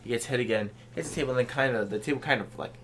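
A man co-hosting a casual talk podcast, recapping events with a sarcastic, drawn-out delivery. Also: medium pitch, fairly bright tone, a little hiss or hum. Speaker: podcast co-host. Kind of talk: casual wrestling recap chat.

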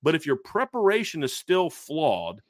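A sports podcast host with a slightly high voice and huge pitch swings talks through football questions at normal speed. His sports talk show analysis is emphatic, with repetition and restarted sentences. The studio sound is clean with no room sound.

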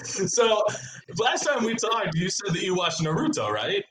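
A man's voice: sits high, unhurried, over a noisy crowd. Chatty man in a roomy room. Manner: relaxed, chatty, joking. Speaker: podcast co-host. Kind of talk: casual sports podcast chat. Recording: roomy sound with faint noise.

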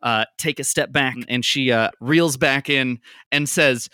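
A man runs a tabletop game as its game master, narrating the scene in a relaxed way full of ums and uhs. His voice is bright and forward, recorded dry and close with no room sound. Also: medium pitch, a little slow, smooth, dry recording.

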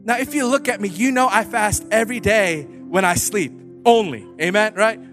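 A man's voice: high voice, moderate pace, a bit bright, soft background music. A man giving a candid, humorous sermon testimony, telling his story with frequent filler words. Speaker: preacher.

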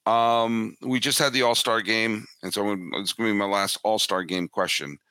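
A man guesting on a sports podcast, talking in an animated way and often repeating words as he builds his points. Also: on the low side, normal speed, clear, resonant tone, no room sound, clean studio sound. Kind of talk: casual sports podcast chat.

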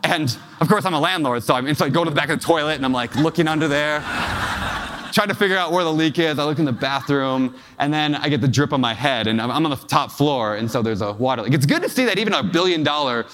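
In a fairly high voice at a quick pace, slightly bright in tone, a man gives a storytelling keynote as a real estate investor. He recounts emotional personal experiences and asks the audience questions in a large hall with long reverb.

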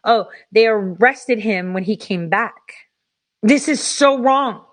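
A woman's voice: medium pitch, takes it slowly. A woman hosting a show, giving angry political commentary, heated and profane, repeating her points for emphasis. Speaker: host.

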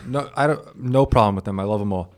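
A man telling a long story on a podcast, rambling and animated, quoting what others said, with many restarts and stumbles. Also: on the low side, quick pace. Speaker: podcast guest. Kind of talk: casual storytelling.

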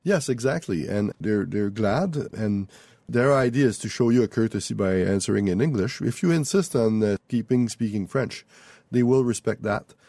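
A man's voice: fairly low pitch, expressive, normal speed, creaky, mellow, no room sound. A man who is a guest author in a radio studio, explaining carefully with frequent restarts. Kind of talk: interview chat.

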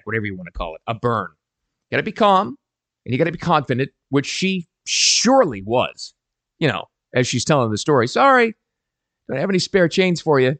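Lively middle-aged man giving advice. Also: on the high side, no echo. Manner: animated and emphatic, quoting people in voices. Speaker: parenting advice vlogger. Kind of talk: casual advice talk to camera.

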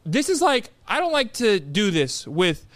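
In an animated retelling, a young male podcast co-host chats casually and performs the voices of the people he quotes. He speaks unhurriedly in a high voice, with slight background noise.

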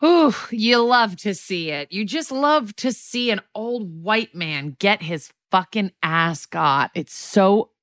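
A woman's voice: mid-range voice, expressive, slow, few pauses, a bit bright, no room sound, clean studio sound. A woman co-hosting a podcast, joining in with wry casual remarks and the odd swear word. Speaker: podcast co-host. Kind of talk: casual chat.

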